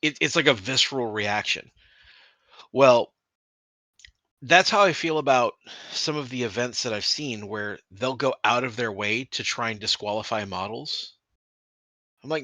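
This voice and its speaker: Man, podcast co-host, casual chat, animated and profane, bright voice, dry close sound. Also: mid-range voice, unhurried, long pauses, dry recording. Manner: animated, laughs, swears freely, restarts sentences.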